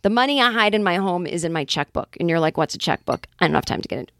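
A woman's voice: on the low side, lively intonation, creaky, fairly bright tone, no echo. Wry, chatty woman comic host. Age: 40s. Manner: chatty and wry, with quick acted-out asides. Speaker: podcast host. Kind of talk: casual comedic monologue.

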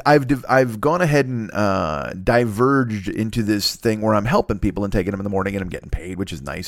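A man's voice: medium pitch, no echo, studio quality. A man in his fifties hosting his own show, talking alone in a rambling, profane, self-deprecating way with many restarts. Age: 50s. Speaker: podcast host. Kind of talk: casual solo monologue.

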